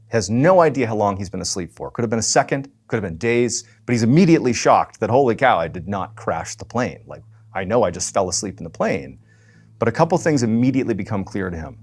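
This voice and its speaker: A man telling a story in a casual, rambling way, with frequent restarts and fillers. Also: fairly low pitch.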